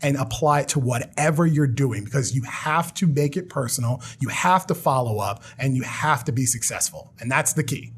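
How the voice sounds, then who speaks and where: A man speaking as a guest on a casual podcast interview, energetic and self-deprecating, talking in quick bursts at a studio mic. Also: mid-range voice, a little hiss or hum. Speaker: podcast guest, marketing advisor. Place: studio around a table.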